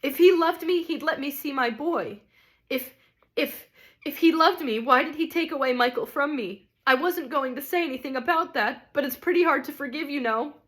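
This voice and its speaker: A woman reading an audiobook, voicing a possessive, grieving mother's ghost who speaks sharply and snappishly. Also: moderate pace. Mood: indignant. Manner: sharp, snappish, rising to shrill.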